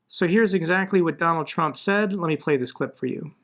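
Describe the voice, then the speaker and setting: In a casual commentary video, a US political commentator with a fairly high, somewhat bright voice talks briskly about the news. His remarks are blunt and conversational, and he becomes increasingly indignant while making his case.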